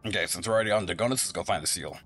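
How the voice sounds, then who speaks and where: Low-voiced rambling gameplay streamer. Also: male voice, rapid-fire, fairly bright tone, soft background music. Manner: rambling, thinks aloud with fillers. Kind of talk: casual game commentary.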